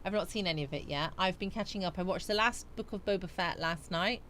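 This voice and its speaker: A woman's voice: on the low side, fast talker, fairly bright tone, slight background noise. A woman livestreaming a casual chat, rambling with lots of ums as she reads out viewer comments. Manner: chatty and rambling, with many ums.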